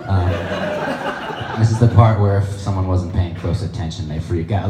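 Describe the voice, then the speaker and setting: A young man with a low voice performs stand-up on stage before an audience, speaking at normal speed with a chatty, nerdy, self-deprecating delivery. The recording has an echoey room and background noise.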